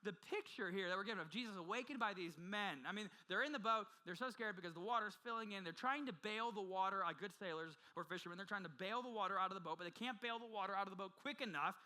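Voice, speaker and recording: Man, pastor, sermon, very bright forceful tone, high-pitched, swings between loud and hushed, restarts phrases. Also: fast talker, few pauses, rough recording. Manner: frequent repeated restarts. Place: church.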